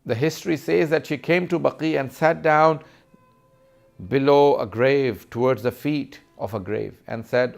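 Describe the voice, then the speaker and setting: A man delivers a grieving sermon in a lamenting recital. His voice sits in an ordinary middle register with a rough, gravelly texture. Gentle music plays faintly underneath. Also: medium pitch, unhurried. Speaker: speaker. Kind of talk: mournful sermon narration.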